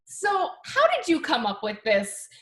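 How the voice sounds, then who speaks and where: A woman's voice: high voice, wildly swooping pitch, measured pace, fairly bright tone, roomy sound. A woman interviewing a guest, upbeat and laughing often. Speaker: entertainment interviewer. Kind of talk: interview questions.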